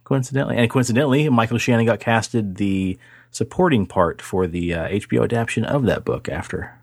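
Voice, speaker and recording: A man's voice: fairly low pitch, brisk, no room sound, studio quality. A man co-hosting a casual podcast, joking around, swearing, and rambling on a video call. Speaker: podcast co-host. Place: home setup on a remote call. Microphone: computer mic on a video call.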